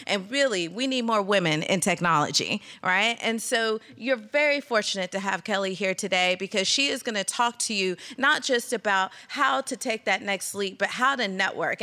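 A woman's voice: mid-range voice, bright, forceful tone. A woman host introducing the next speaker at an event in an upbeat, welcoming way.

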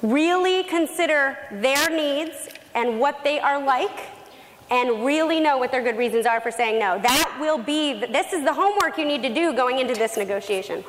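A woman's voice: sits high, lively intonation, moderate pace. A woman presenting a negotiation workshop, talking through a role-play scenario in a conversational way. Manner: reads role-play lines aloud, conversational. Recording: faint noise in a long-reverb hall.

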